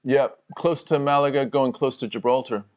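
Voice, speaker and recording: A laid-back American man on a live watch-along, middle-pitched and easygoing. His sound comes through a little muffled and dull. He mostly agrees, laughs along and adds short remarks. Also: fairly even intonation, moderate pace. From United States. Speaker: livestream co-host. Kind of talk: casual watch-along chat.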